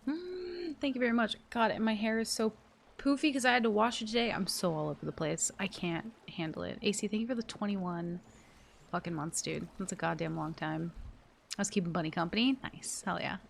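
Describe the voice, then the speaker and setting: A woman's voice: medium pitch, brisk, gravelly, slight background noise. A woman live streaming from her desk at home, chatting casually to viewers in an exasperated, rambling way and swearing a lot.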